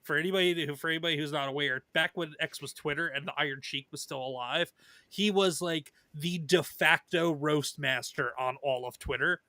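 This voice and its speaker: A man's voice: a little high, normal speed, pushed and bright, no echo, clean studio sound. A man co-hosting a casual live stream, reading viewer comments aloud and laughing often. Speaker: stream co-host reading chat.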